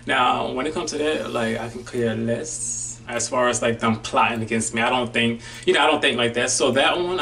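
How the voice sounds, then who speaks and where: Laid-back male DJ vlogging in slang, mid-pitched voice, a bit off-mic. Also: a little fast, a bit bright, distant mic, a little hiss or hum. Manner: laid-back and slangy, loose run-on phrasing. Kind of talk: casual reflective vlog.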